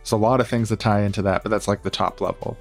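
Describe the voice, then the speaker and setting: A man's voice: lowish voice, steady tone, quick pace, vocal fry, soft background music. A man co-hosting a podcast, explaining terms and chatting in an earnest way. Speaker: podcast co-host. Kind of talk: casual podcast chat.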